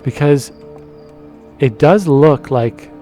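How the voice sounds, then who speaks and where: A man's voice: a little high, takes it slowly, mellow, soft background music. A Canadian man giving rambling, laugh-filled commentary while playing a video game. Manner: rambling, self-deprecating, laughs often. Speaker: gameplay commentator. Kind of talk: casual let's-play commentary.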